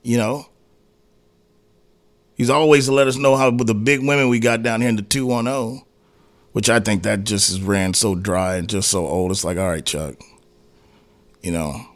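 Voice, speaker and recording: A man's voice: on the low side, fairly even intonation, normal speed, long pauses. A man hosting a sports talk radio show, ranting in a heated, rambling, slangy way and slipping into mocking voices. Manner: heated, rambling, slangy rants full of acted asides.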